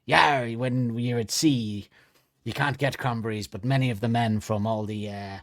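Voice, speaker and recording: A man voicing a rambling mock doctor for a comedy podcast bit, drawing his words out slowly. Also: medium pitch, fairly even intonation, dry recording, studio quality, natural voice. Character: slow-talking mock show doctor, man, rambling about sailors.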